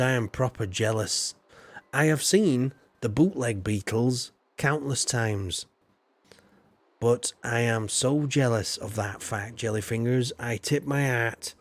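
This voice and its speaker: A man rambling casually with lots of fillers while he streams a game. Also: medium pitch. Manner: rambling, chatty, with many fillers. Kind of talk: casual live-stream chatter.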